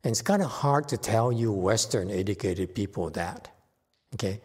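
A man's voice: on the low side, lively intonation, moderate pace, a little mellow, husky. A man, a Buddhist monk, giving an informal dharma talk in short broken phrases and laughing often. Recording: reverberant hall.

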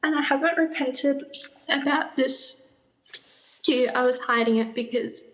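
A woman's voice: sits high, a little slow, fairly bright tone, low-quality recording. A woman confessing nervously and apologetically to her teacher, close to tears. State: crying. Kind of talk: emotional public repentance.

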